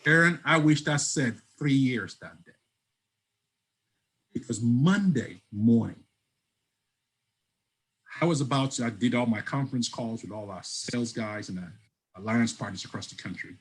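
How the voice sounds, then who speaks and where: As an interview guest, a man tells a personal story with animation, acting out the lines of the people involved. His mid-range voice is husky, moving at a moderate pace with long pauses. The recording is low quality, and he breaks up at times on the line.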